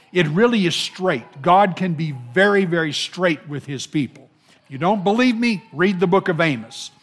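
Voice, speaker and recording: A man preaching a sermon in an earnest, emphatic way, with repeated phrases and small chuckles. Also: fairly high pitch.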